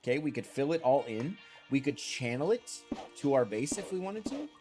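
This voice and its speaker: A man's voice: medium pitch, big pitch swings, moderate pace. A man streamer giving casual, rambling gameplay commentary and answering his chat, still congested from a lingering cold. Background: game music.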